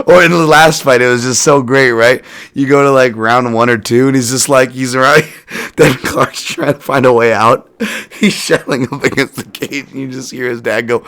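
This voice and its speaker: A man hosting a solo podcast, breaking down fights in a casual, animated way, swearing and laughing as he rambles through asides. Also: mid-range voice, fairly quick. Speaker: podcast host and fight analyst.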